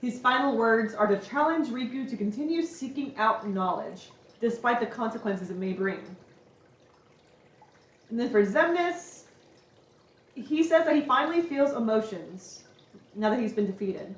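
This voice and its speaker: A woman's voice: on the high side, lively intonation, normal speed, pauses often. Chatty young woman in an echoey room. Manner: chatty and playful, laughs often. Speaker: streamer giving a lecture. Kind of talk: casual recap of a game story. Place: home room. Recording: echoey room, distant dull mic.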